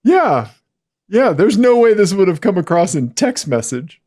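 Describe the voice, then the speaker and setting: A man with a high-pitched voice co-hosting a podcast in a casual, chatty way, with frequent yeahs and okays. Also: unhurried, no room sound, clean studio sound. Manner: animated, chatty, frequent back-channel yeahs. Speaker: podcast co-host. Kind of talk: casual chat.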